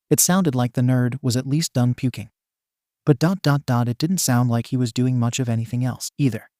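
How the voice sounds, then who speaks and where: A man giving a steady scripted narration of a fan fiction story. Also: medium pitch, no echo, studio quality.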